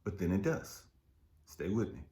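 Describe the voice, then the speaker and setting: A middle-aged man giving an impassioned motivational monologue. He is blunt and profane, repeats lines for emphasis, and swings between low murmurs and fired-up outbursts. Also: big pitch swings, moderate pace, dark tone, echoey room. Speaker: motivational speaker.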